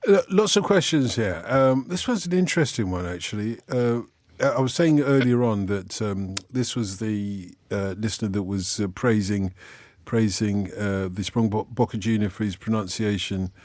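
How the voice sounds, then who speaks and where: A man's voice: lowish voice, moderate pace, a little mellow, no room sound. A man hosting a late-night radio phone-in, joking with his panel and reading listener emails aloud in a radio studio.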